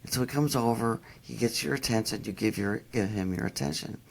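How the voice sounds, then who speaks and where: Gravelly-voiced woman dog trainer. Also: extremely low pitch, brisk, a little mellow. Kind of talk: casual interview.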